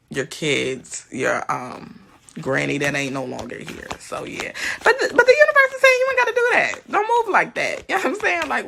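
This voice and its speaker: Woman, tarot reader, low-pitched, bright tone, profane and chatty, casual reading to viewers. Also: vocal fry. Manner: chatty, blunt and profane, laughs often.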